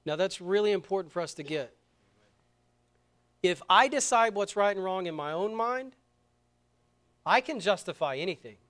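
High-voiced preaching man, fervent. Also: lively intonation, moderate pace, long pauses. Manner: swings from quiet and intimate to loud and fervent. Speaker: pastor. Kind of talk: sermon. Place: church sanctuary.

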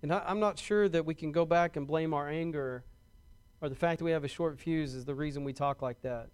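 Speaking briskly in a smooth, fairly high voice, this pastor addresses his congregation in a conversational sermon. He frequently restarts, repeats himself, and poses questions to the people listening.

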